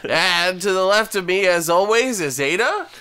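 A man's voice: sits high, animated, moderate pace, sharp tone, clean tone. A man hosting a casual comedy podcast, giggly and joking as he introduces his co-hosts. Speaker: podcast host.

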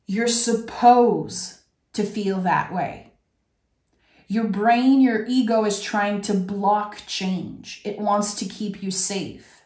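Female tarot reader, mid pitch, effusive and teary, addressing viewers directly; roomy echo. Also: a little mellow. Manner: effusive, talks straight to the viewer. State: emotional, close to tears. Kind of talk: tarot reading to camera. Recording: echoey room.

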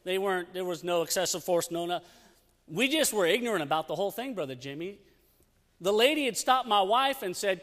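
In a church sanctuary, a middle-aged youth pastor speaks briskly in a high-pitched voice through a pulpit mic. He's telling an animated sermon story full of restarts, with long church hall reverb behind him.

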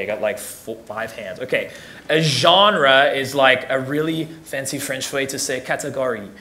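A man's voice: medium pitch, sharp tone, slight background noise. A young man teaching as a youth pastor in a casual, joking way, often repeating words as he restarts sentences. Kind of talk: casual teaching talk to teens.

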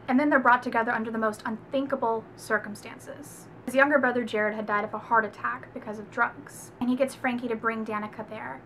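A young woman gushes through a casual book review, emphatic and quick to swear. Her voice is high and bright. A faint hum sits under the recording. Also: fairly even intonation.

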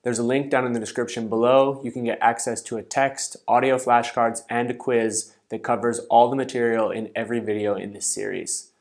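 A man gives a scripted online language lesson in a clear, methodical voice. His pitch sits in the middle range for a man. He repeats each example word slowly and carefully, recorded close to the mic as a voice-over. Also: steady tone. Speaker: language teacher.

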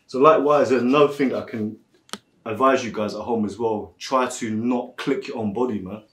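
A laid-back massage therapist chats to his viewers at a middling pitch, chuckling often as he talks. His voice rings with a roomy echo. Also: a little fast, fairly bright tone, slight background noise. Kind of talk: casual chat and storytelling.

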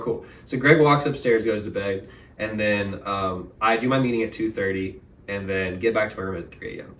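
A young man, a podcast guest, telling a story in a casual, animated way, full of slang. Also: on the low side, slight background noise. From Texas. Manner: animated, slangy, says "bro" and "like" a lot. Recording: roomy, mic at a distance.

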